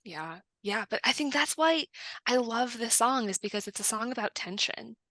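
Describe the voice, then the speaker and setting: A woman's voice: fairly high pitch, animated, moderate pace, bright, forceful tone, no room sound. A woman co-hosting a podcast in a casual discussion, reflective and often checking in with "right?". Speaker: podcast co-host.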